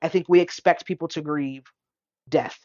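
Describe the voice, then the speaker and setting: A woman co-hosting a podcast in casual chat, talking haltingly with lots of fillers. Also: deep voice, fairly even intonation, dark tone, dry recording, muffled recording. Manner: halting, filler-heavy, quotes family in little voices. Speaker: podcast co-host.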